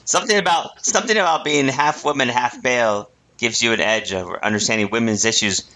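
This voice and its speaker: A man co-hosting a podcast, trading deadpan ironic quips and laughing often. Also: mid-range voice, moderate pace. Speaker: podcast co-host. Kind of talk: casual comedic chat.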